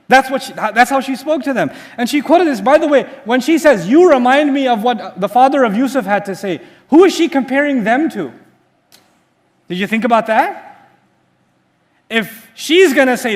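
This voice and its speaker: Male preacher, very high voice, lively storyteller, quizzes the audience. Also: unhurried, pauses often. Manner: asks the audience rhetorical questions; animated storytelling. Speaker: Islamic teacher. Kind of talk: sermon-style lecture.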